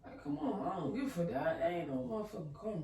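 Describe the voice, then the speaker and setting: A woman's voice: mid-range voice, quick pace. Young female co-host from South Carolina, heated profane rant, distant echoey recording. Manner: heated, profane, animated ranting. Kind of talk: casual chat. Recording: echoey room, off-mic.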